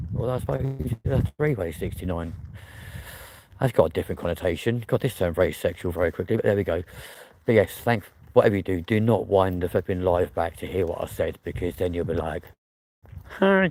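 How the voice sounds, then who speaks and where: A man's voice: deep voice, a little mellow. A young English man vlogging live while walking outdoors at night, chatty, self-mocking and swearing often, filming on his phone at arm's length. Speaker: vlogger hosting a live stream. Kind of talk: casual live-stream chat while walking. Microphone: phone camera at arm's length.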